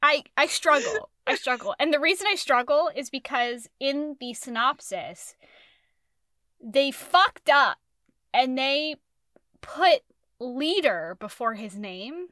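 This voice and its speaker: High, bright-voiced woman chatting casually. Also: slow pace, no echo, clean studio sound. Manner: rambling, animated, swears freely. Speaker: podcast co-host reviewing a book. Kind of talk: casual chat.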